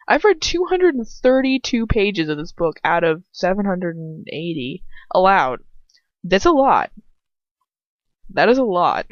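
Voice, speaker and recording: A woman's voice: mid-range voice, dry recording, lo-fi sound. Giggly rambling teenage girl reader. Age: teens. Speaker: audiobook reader. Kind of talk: casual chat and reading aloud.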